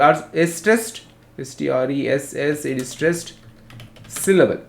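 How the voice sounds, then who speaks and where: An Indian English man teaches literature over an online class at a slow, careful pace. He spells out terms letter by letter and repeats each definition so students can note it down. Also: on the high side, animated, creaky.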